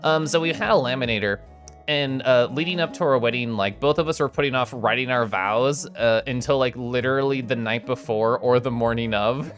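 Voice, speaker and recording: A young adult livestreamer chatting casually and playfully while showing fan art, excitable, swearing now and then and making little growly noises. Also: mid-range voice, brisk, faint music behind.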